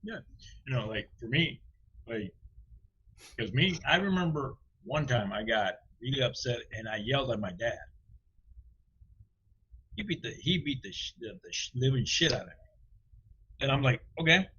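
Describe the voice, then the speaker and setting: A man with a husky, middle-pitched voice tells a story on a podcast, voicing each person in it with animation. The audio sounds dull and lo-fi. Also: moderate pace, long pauses. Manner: animated storyteller acting out dialogue. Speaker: podcast co-host. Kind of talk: casual chat.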